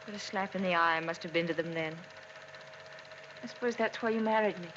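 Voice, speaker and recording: A young actress playing a shy, timid wife who stammers and apologizes in a 1940s film. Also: female voice, lowish voice, fairly quick, natural voice. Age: young adult. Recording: hissy, dull 1940s film soundtrack.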